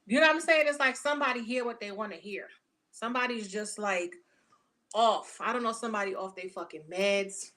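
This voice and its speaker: A woman giving a casual tarot reading, talking bluntly and profanely with animated storytelling. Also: medium pitch, normal speed. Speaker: tarot reader.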